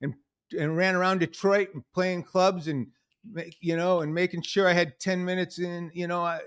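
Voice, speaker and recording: A man hosting a podcast, chatting casually and telling animated stories, acting out the lines of the people he quotes. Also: high-pitched, normal speed, clear, resonant tone. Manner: animated storyteller, acts out quotes in other voices. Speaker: podcast host. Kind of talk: casual conversation.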